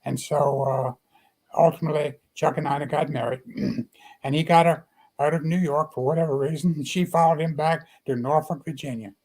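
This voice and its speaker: A man's voice: fairly high pitch, fairly even intonation, moderate pace, darkish tone, rough recording. An older man telling a story in a homespun, folksy way and dropping in advice along the way. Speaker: guest storyteller.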